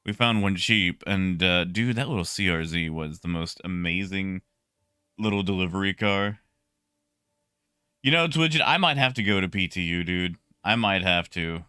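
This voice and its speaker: Chatty man with a bright, crisp voice. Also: low-pitched, normal speed, no echo, studio quality. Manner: relaxed and chatty, greets chat viewers by name. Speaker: livestreamer. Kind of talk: casual chat with stream viewers.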